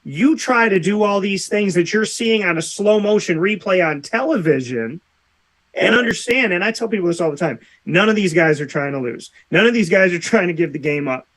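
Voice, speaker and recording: Animated male radio host telling stories. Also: sits high, fairly quick, few pauses. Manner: animated storyteller, acts out quotes. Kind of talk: casual interview chat.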